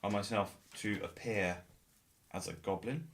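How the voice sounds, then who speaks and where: A man playing in a tabletop game, speaking haltingly and repeating words as he thinks. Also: on the low side, fairly even intonation, slight background noise. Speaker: player. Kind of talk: casual tabletop game chat.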